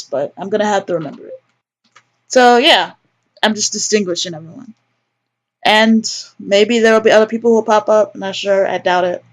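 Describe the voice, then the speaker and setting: A woman narrating her own let's-play, chatting and rambling as she reads through a story game. Her talk is loose and joking, sprinkled with casual swearing. Her pitch sits right in the middle for a woman. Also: a little slow, long pauses. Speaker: gamer, let's-play host.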